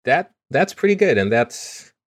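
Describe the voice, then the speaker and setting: A man's voice: medium pitch, sing-song, unhurried, dry recording, clean studio sound. A man hosting a podcast in a casual, joking, self-deprecating way. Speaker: podcast host. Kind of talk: casual chat.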